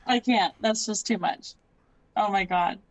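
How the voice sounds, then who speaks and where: A woman's voice: mid-range voice, unhurried. A woman hosting a podcast in casual chat, laughing often and swearing freely. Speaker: podcast host.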